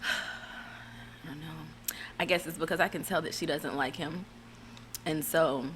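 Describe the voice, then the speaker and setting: A woman's voice: sits low, a bit bright, slight background noise. A woman giving casual, blunt and profane reality TV recap commentary, rambling with fillers and restarts.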